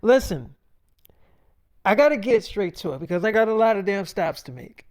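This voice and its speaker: A man's voice: high voice, sing-song, normal speed, darkish tone. A man telling a rambling freestyle story in casual, profane talk, often repeating himself.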